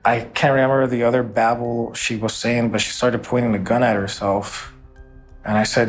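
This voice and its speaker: A man's voice: medium pitch, little pitch movement, moderate pace, faint music behind. A man giving documentary interview testimony, recounting a shooting in an earnest, emotional first-person way.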